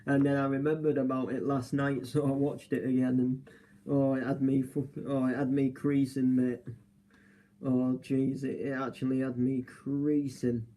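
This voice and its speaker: A man's voice: medium pitch, level tone, normal speed, warm tone, poor audio. A young man, live streaming casual chat from a hotel room, rambling with lots of fillers and restarts.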